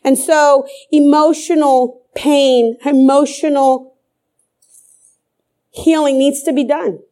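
A woman's voice: high-pitched, steady tone, slow pace, warm tone. A middle-aged woman preaching a sermon with fervor, repeating phrases for emphasis.

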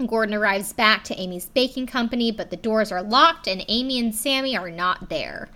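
Young woman, bright tone, chatty casual recap, heavy "like" fillers, casual swearing. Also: mid-range voice, normal speed. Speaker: video recapper.

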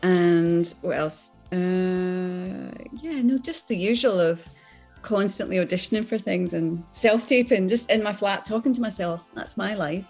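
A middle-aged woman with a Scottish accent, an actress chatting as an interview guest, animated and quick to laugh. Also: fairly low pitch, faint music behind. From born in England, raised on Islay, Scotland. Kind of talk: casual chat.

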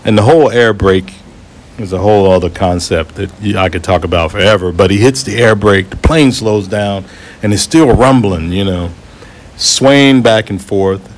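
Male storyteller, lowish voice, laid-back chatty delivery, repeats himself, light chuckles. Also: normal speed. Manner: relaxed, conversational, repeats himself, occasional chuckles. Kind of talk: casual spoken anecdote.

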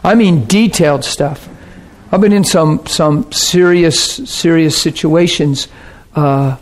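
Man, preacher, sermon, earnest, conversational, slightly high voice. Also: takes it slowly. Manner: earnest, conversational, often checks in with the audience.

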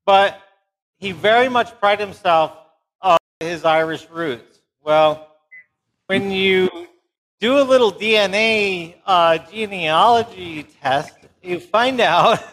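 A middle-aged man with a fairly high voice who joins a live chat and spins a family anecdote. He is chatty and amused and takes his time. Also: takes it slowly, fairly bright tone, low-quality recording. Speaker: guest speaker. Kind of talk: casual storytelling.

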